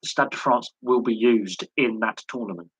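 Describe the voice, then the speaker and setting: A man's voice: mid-range voice, normal speed, fairly bright tone, husky, no room sound, poor audio. A man hosting a live sports chat stream, talking in a rambling way with many fillers and repeated words. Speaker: host.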